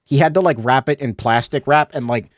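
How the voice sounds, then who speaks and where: A man's voice: medium pitch, brisk, no room sound, studio quality. A man streaming a game, rambling and swearing in casual commentary, tripping over his words.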